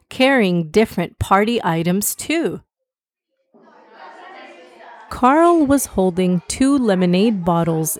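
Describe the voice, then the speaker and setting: A woman hosting a children's podcast, gently narrating a story for kids. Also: medium pitch.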